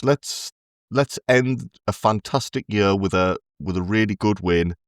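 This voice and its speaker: A man as guest on a casual football podcast, relaxed and teasing the hosts. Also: fairly low pitch, dry recording, clean studio sound. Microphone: remote call.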